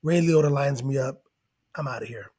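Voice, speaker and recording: A man telling a long story in casual chat, excitable and rambling, acting out what people said. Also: medium pitch, moderate pace, slightly rough. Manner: excitable, rambling, acts out quotes. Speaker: guest rapper and actor.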